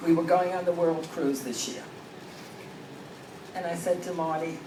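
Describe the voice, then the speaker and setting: A woman's voice: fairly low pitch, fairly even intonation, moderate pace, long pauses. An older woman doing stand-up comedy, telling stories with punchlines to a live audience. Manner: storytelling with punchlines. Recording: echoey and distant, with crowd noise.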